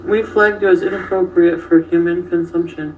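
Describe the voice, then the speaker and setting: A woman's voice: fairly low pitch, steady tone, moderate pace, darkish tone, recorded from a distance, slight background noise, low-quality recording. A woman hosting a casual livestream, reacting to viewer comments and chatting with a co-host.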